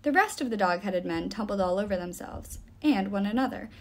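Expressive woman reading a novel aloud. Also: medium pitch, brisk. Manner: expressive storytelling. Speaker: reader.

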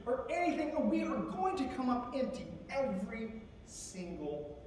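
High-voiced male chaplain in a booming hall. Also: very animated, a little slow, a little mellow, a little hiss or hum. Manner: conversational, acts out scripture quotes with shifting voice. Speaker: military chaplain. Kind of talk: sermon. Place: large chapel. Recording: echoey chapel from far off.

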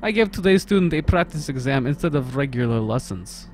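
A man's voice: a little high, animated, brisk, soft background music, lightly acted. A man putting on a comic Russian accent and broken English, reading a game's story aloud as a let's play host. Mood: hammy. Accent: put-on Russian. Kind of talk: comedic game reading.

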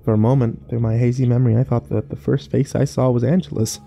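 A man narrating a first-person horror story slowly and wistfully, with small restarts. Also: medium pitch, little pitch movement, vocal fry, highs cut off, soft background music.

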